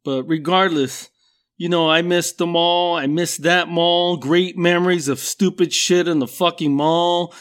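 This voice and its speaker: A man's voice: a little high, steady tone, measured pace, fairly bright tone. A middle-aged man from a Mexican-American background telling casual, profane stories in a rambling way, laughing at himself. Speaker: storyteller.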